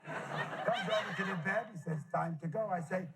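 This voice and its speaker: A man's voice: high voice, normal speed, very noisy. A comedian playing an ancient, bragging two-thousand-year-old man who rambles and kvetches, answering audience questions. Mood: kvetchy. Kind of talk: improvised comedy character Q&A.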